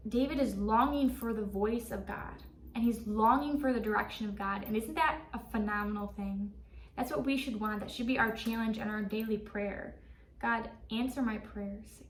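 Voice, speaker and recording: A woman's voice: fairly high pitch, reverberant, recorded from a distance, a little hiss or hum. A young woman teaching a casual devotional Bible study, earnest and chatty with lots of fillers.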